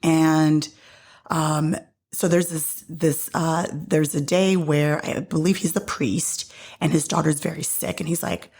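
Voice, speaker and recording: Husky-voiced woman retelling a faith story. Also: sits low, steady tone, slow pace, a little mellow. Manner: retells a scene with filler words and acted quotes. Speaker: podcast host.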